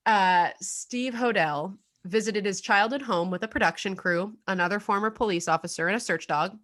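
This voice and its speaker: A woman's voice: mid-range voice, moderate pace, fairly bright tone. A young adult woman co-hosting a casual true-crime podcast, chatty and full of fillers, laughing now and then. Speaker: podcast co-host.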